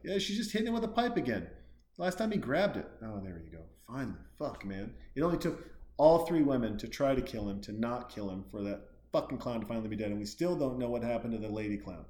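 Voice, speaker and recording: A comedian making profane, sarcastic commentary while watching a horror film, muttering low and then breaking into loud outbursts. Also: male voice, big pitch swings, fast talker, roomy sound.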